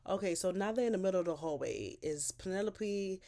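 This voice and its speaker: A woman casually recapping a TV episode, talking in an animated, slangy, profane way. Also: medium pitch, fairly quick. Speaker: TV show recapper.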